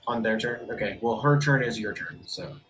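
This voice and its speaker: A man's voice: mid-range voice, normal speed, faint music behind, poor audio. A man running a tabletop game as game master, casual and easygoing, with lots of fillers. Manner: casual, relaxed, says "cool" and "um" a lot.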